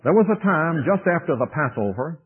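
Husky man preaching on tinny old radio. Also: on the high side, expressive, brisk, faint music behind. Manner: dramatic swings between loud emphasis and hushed tones. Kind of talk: sermon lecture.

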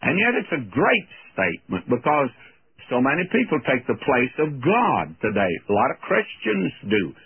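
Husky-voiced man preaching over old radio. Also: medium pitch, wildly swooping pitch, moderate pace. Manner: reads scripture aloud, then explains it plainly. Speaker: radio Bible teacher. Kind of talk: sermon, verse-by-verse Bible teaching. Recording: narrow phone-like old radio broadcast.

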